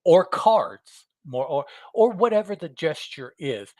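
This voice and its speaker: A man's voice: a little high, big pitch swings, a little slow, a little mellow, no room sound. A middle-aged man co-hosting a podcast, chatting in an easygoing, reflective way. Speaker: podcast co-host. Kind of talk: casual chat.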